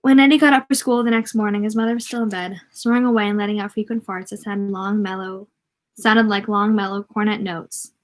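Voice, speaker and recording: A woman's voice: medium pitch, steady tone, fairly quick. A woman reading a novel aloud in a casual way, often stumbling, correcting herself and adding joking asides.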